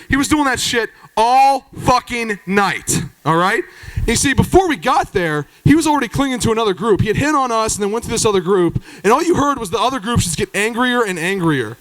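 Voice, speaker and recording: A male stand-up comedian telling a profane, animated story live on stage into a handheld mic. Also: very high-pitched, a little fast, no echo, rough recording. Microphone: handheld stage microphone.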